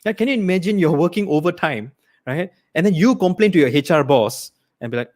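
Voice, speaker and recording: A young man from Malaysia performing a livestreamed stand-up set, acting out characters. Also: brisk. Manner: animated, acts out characters with big pitch swings. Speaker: stand-up comedian.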